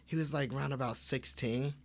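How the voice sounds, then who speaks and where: Man, forties, podcast guest, casual storytelling, mid-pitched voice, acts out quotes. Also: a little fast. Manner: animated, acts out quoted dialogue with fillers.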